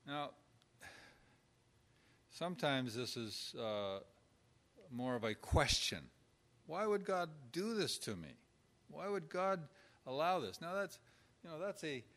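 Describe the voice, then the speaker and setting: A man delivers an informal lecture to caregivers, working through numbered points. His voice sits a little high, and he keeps it conversational, slipping into short acted-out exchanges to show what to say. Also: expressive, slow, long pauses, fairly bright tone. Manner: conversational, acts out example dialogue in quotes. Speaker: instructor on pastoral caregiving.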